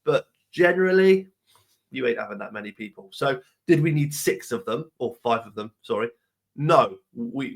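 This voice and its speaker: A man's voice: mid-range voice, a bit bright. A tired man hosting a solo podcast Q&A, blunt and ranty, swearing casually. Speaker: podcast host.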